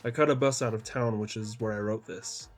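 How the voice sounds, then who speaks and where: A man's voice: lowish voice, fairly even intonation, a little fast, faint music behind. A man reading his own story aloud as audiobook narration, with mild voices for the quoted lines.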